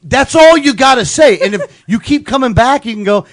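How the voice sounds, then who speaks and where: A man's voice: very high-pitched, animated, normal speed. A man co-hosting a casual talk show, telling a story with jokes and laughs. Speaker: show host. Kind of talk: casual chat.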